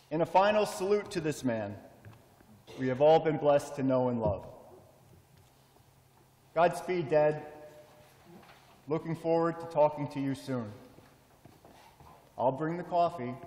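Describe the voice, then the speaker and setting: A middle-aged man giving a heartfelt funeral eulogy for his father, measured and full of storytelling pauses. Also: fairly high pitch, lively intonation, a little mellow. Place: memorial service in a large hall. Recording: long hall reverb.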